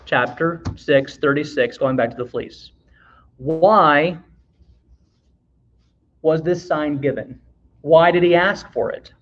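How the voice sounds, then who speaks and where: A man with a high voice leads a Bible lesson in a relaxed, conversational way. He reads verses aloud, stops to ask the class questions, and adds the odd joke. The sound is dull and lo-fi. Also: slow, long pauses.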